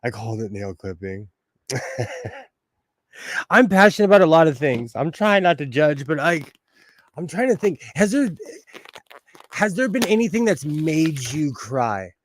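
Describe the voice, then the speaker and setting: A man from Los Angeles hosting a sewing livestream, chatting casually with frequent laughter and animated storytelling. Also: fairly high pitch, unhurried, long pauses. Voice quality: bald. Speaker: livestream host. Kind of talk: casual chat while sewing.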